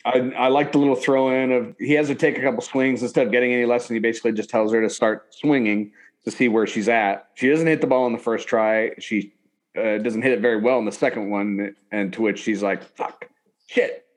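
A man's voice: mid-range voice, steady tone, fairly quick. A man co-hosting a podcast, casually retelling movie scenes and laughing along. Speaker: podcast co-host.

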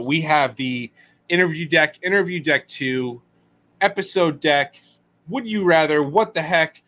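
A male podcast co-host who talks at an unhurried, stretched-out pace. His tone is bright and his pitch jumps around a lot. He is playful and leans on drawn-out words for emphasis. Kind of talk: casual chat.

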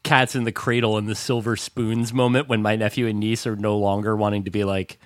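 A man's voice: lowish voice, level tone, a little fast, no echo, clean studio sound. A man co-hosting a podcast in casual chat, talking in a wry, rambling way and swearing casually. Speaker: podcast co-host.

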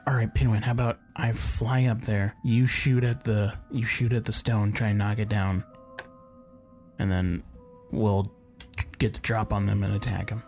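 A man's voice: fairly low pitch, little pitch movement, moderate pace, darkish tone, soft background music. A man playing a tabletop role-playing game, laying out plans decisively. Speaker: player. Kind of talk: casual tabletop game play.

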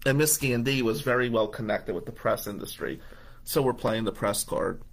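A man in his fifties, a radio host from New Jersey, recounts a story from his own life. He talks in an animated, conversational way and slips into the voices of the people in his tale. His voice sits at a middle pitch. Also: moderate pace, creaky, slight background noise. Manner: animated, conversational, acts out dialogue. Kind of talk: personal storytelling.

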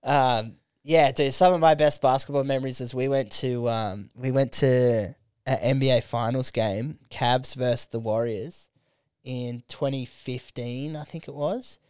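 A man's voice: mid-range voice, fairly even intonation, measured pace, darkish tone, clear, resonant tone, no room sound, clean studio sound. A young Australian man telling stories in casual podcast chat, swearing freely and filling his speech with "like". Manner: laid-back storyteller, swears freely, lots of "like".

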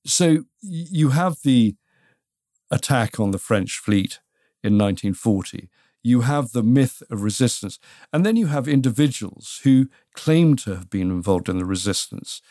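A man's voice: medium pitch, animated, unhurried, dark tone, dry recording. Wry British man on a dry mic. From Britain. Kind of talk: casual history podcast chat.

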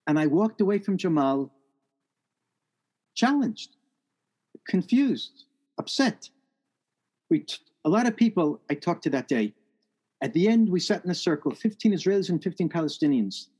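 A man with a notably high voice tells a story from his own life. He speaks in an earnest, reflective way. His pitch lifts further as the feeling builds. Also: big pitch swings, moderate pace, pauses often, warm tone. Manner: earnest, reflective, rises in pitch at emotional peaks. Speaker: speaker telling a personal story. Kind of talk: first-person storytelling talk.

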